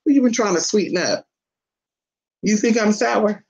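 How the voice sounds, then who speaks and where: A vlogger at home chatting to the camera and a pet dog, cursing freely, calling everyone honey and jumping into a squeaky high voice to tease the dog. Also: normal speed, creaky, pauses often, lo-fi sound. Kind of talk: casual, profane home vlog. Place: indoors at home. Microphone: phone or camera set down nearby.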